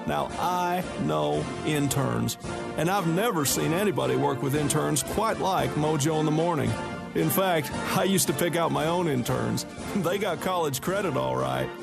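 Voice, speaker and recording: A man voicing a sleazy, drawling ex-president in a radio promo spot with a gravelly voice. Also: a little high. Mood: leering. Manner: slow, leering. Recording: promo with loud music bed.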